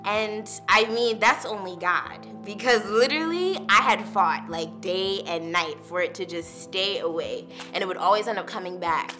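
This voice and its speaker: A woman's voice: medium pitch, normal speed, few pauses, music in the background. A young woman, a university student, telling her personal testimony in a candid, casual way, full of "like" and "literally". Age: young adult.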